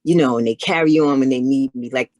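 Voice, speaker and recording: A middle-aged woman chatting casually as an interview guest, telling animated stories. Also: very deep voice, fairly quick, no room sound. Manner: animated, acts out others in her stories. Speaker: guest, knitwear maker. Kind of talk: casual storytelling chat.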